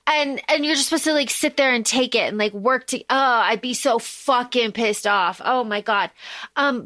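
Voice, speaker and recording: A woman's voice: sits high, sharp tone, no room sound. A woman co-hosting a podcast in casual chat, emphatic and swearing freely. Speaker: podcast co-host.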